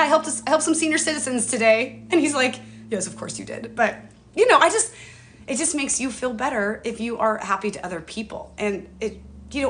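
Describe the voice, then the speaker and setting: Streaming casually from her phone, a woman in her forties wanders from her home out to a bird feeder. Her mid-range voice has a bit of brightness, and her talk is rambling and emotional, sprinkled with casual swearing.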